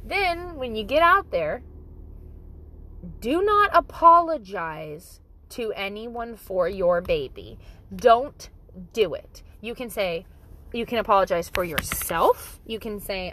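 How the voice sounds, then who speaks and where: A woman's voice: mid-range voice, animated, slow pace, bright, forceful tone. Thirty-something mom talking parenting, blunt, swears a lot, a bit of hiss behind her. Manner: blunt, emphatic, swears freely. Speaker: mother giving parenting advice. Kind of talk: casual talk to camera.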